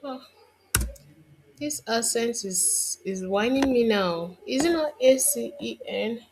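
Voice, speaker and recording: A woman instructor walks through a tutorial in a slow, musing voice. She thinks aloud and mutters to herself while working, over a faint hiss. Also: on the high side, expressive. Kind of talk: screen-recorded tutorial.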